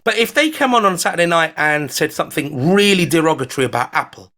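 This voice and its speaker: A man's voice: a little high, expressive, fast, bright, forceful tone. A man with an English accent, a guest on a talk show, chatting in a rambling, playful way. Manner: rambling, playful, full of asides. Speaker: foreign correspondent guest. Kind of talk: casual conversation.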